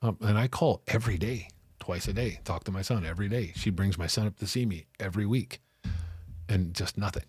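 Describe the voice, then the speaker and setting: A man speaks in a low, husky voice in a candid interview. He tells his story with energy and acts out the people he quotes. The sound is dry and close, with no room echo. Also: fairly quick. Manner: animated, acts out quoted voices, frequent "right?" and "like". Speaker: interview guest.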